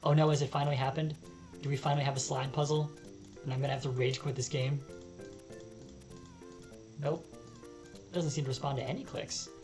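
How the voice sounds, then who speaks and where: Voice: medium pitch, fairly even intonation, a little fast, long pauses, a little mellow, soft background music, low-quality recording. A let's-play host reading game text aloud with joking asides. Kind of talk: casual game commentary.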